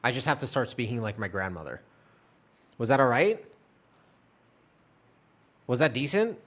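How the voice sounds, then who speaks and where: A man's voice: medium pitch, very animated, moderate pace, fairly bright tone. A man streaming and chatting casually, answering his chat in a rambling, talkative way. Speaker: game streamer.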